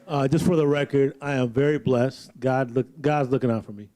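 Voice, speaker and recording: A man attending a church talk, speaking in a measured way as he calmly disagrees in casual discussion. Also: mid-range voice.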